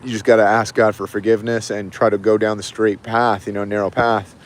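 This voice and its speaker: A man's voice: fairly low pitch, brisk, slight background noise. A man telling a story in a casual, rambling way, full of fillers, while livestreaming from a city street. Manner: rambling, excited, heavy on fillers. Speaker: livestream host.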